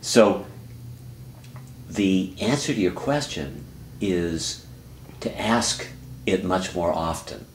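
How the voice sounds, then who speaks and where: Deep-voiced man, calm and reflective. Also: takes it slowly, pauses often, reverberant, a little hiss or hum. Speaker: therapist and teacher. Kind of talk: counseling dialogue.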